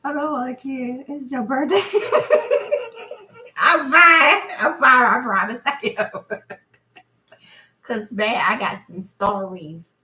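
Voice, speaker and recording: Giggly woman reacting loudly, bright voice. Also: on the high side, steady tone, unhurried, slight background noise. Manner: laughs constantly, exclaims loudly. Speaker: reaction video host. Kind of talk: casual reaction commentary.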